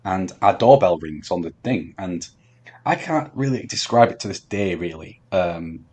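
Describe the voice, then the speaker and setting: A man telling a long story on a podcast, halting with many ums and restarts. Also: low-pitched, expressive, darkish tone, breathy edge. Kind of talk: casual storytelling chat.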